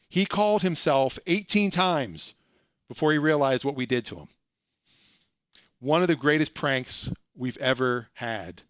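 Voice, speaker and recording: A man's voice: mid-range voice, fairly bright tone, no room sound, highs cut off. A man hosting a live stream from home at his computer, telling a story with joking asides. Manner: chatty, self-deprecating, joking asides. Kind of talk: casual storytelling.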